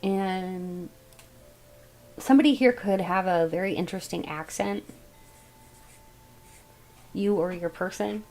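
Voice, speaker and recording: A woman's voice: lowish voice, a little mellow, faint music behind, low-quality recording. Musing woman doing a tarot reading. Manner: musing, thinks aloud, unhurried. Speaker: tarot reader. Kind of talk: casual tarot reading to camera.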